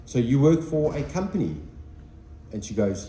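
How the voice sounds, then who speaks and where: A man's voice: on the high side, expressive, brisk, warm tone, slight background noise. A man presenting on network marketing to his team, telling a story with emphatic delivery and acting out both sides of a conversation. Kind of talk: animated storytelling talk to a team. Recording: roomy recording with faint ambience.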